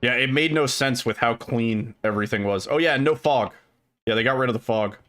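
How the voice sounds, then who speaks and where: A man's voice: mid-range voice, fairly quick, fairly bright tone, slight background noise. A man streaming a game, chatting casually and swearing freely with lots of filler words. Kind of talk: casual chat while gaming.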